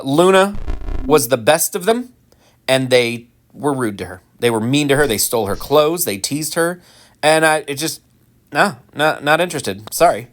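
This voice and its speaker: A man giving casual, rambling commentary while playing a game, full of ums and restarts, with animated mock-indignant asides. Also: medium pitch. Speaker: gaming channel host.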